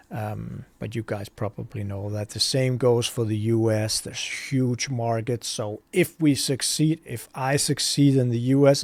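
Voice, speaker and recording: Guy rambling about his shop, gravelly creaky voice, dry close sound. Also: medium pitch, a little mellow, dry recording. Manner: candid, rambling, self-deprecating. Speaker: online hobby shop owner. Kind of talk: casual vlog talk to viewers. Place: his warehouse.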